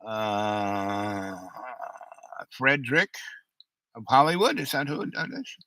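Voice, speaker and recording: An older man hosting his own talk show, talking in a rambling, halting way with many fillers. His voice sounds unusual because of an old throat injury. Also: mid-range voice, very animated, sharp tone, no room sound, low-quality recording. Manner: halting, many fillers and restarts, stutters under strain. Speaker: show host. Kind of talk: rambling monologue.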